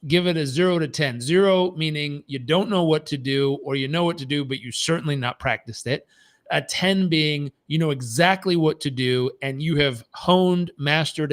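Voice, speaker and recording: A man running a live motivational coaching session with an emphatic, repetitive delivery, often stumbling and restarting his sentences. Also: a little high. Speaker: performance coach.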